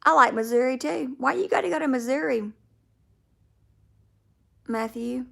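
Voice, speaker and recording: A Southern woman talking casually on a livestream, greeting her viewers one by one as she chats. Her voice sits a little high and often slips into a gravelly fry. It has the easy, homey feel of a phone-camera stream. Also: lively intonation, unhurried. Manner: chatty, talks to viewers by name. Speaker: livestream host. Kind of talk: casual livestream chat reading viewer comments.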